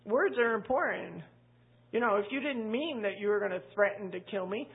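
A woman teaches the Bible to a church group in a conversational, emphatic voice. Her tone is gravelly and a little husky. The audio is tinny and lo-fi, like a phone line. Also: a little high, lively intonation, moderate pace. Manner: conversational, emphatic, quotes scripture. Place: church room with a live group.

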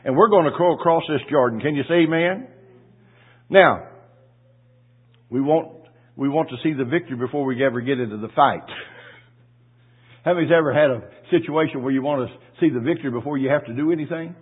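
A husky-voiced male pastor preaches in a folksy, story-telling way, stumbling over repeated words before building to loud cries of praise. His voice sits a little high for a man. The audio is thin and narrow, like a phone recording. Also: brisk, pauses often. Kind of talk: sermon with storytelling.

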